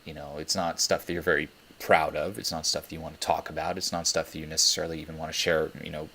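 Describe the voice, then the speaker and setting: Deep-voiced, blunt, swearing dating coach. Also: male voice, level tone, fast talker, sharp tone. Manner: blunt, profane, emphatic. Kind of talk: teleconference coaching talk.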